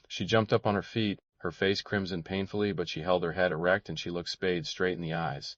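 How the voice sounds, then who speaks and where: Male narrator, very low voice, measured reading, dull dry sound. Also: steady tone, no room sound. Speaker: audiobook narrator. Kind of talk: scripted narration.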